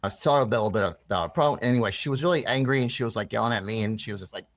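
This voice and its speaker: A man's voice: lowish voice, racing, dry recording. A man being interviewed, earnestly telling a personal story with many restarts and rambling asides. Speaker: interview guest.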